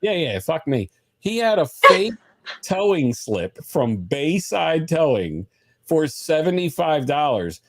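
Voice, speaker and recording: A man's voice: a little high, takes it slowly, no echo, clean studio sound. A man on a podcast, casually telling a long story, swearing a lot and often laughing. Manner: profane, animated, laughs while telling stories. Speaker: podcast host.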